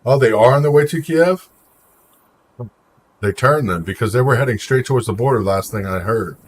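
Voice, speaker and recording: A man's voice: mid-range voice, normal speed, husky. A man hosting a live stream, chatting casually and opinionatedly while answering viewer comments by name. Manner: opinionated, talks back to chat by name. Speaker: livestream host. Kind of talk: casual livestream chat reacting to viewer comments.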